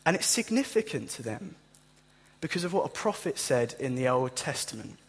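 A man's voice: moderate pace, slightly rough. Man preaching in a reverberant hall. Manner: animated, acts out startled listeners in a higher voice. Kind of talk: sermon. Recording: echoey hall with long reverb.

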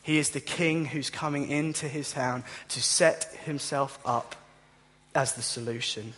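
A man pastor preaches a passionate sermon in church, addressing his congregation directly. His voice is a little high and fairly bright, and he speaks unhurriedly. Long hall reverb fills the recording.

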